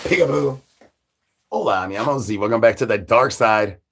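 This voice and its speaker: A man live-streaming in a zombie persona, rambling through silly catchphrases with sudden jumps in pitch. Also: fairly quick, a bit bright. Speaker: livestreamer in zombie character. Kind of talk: absurd live-stream banter.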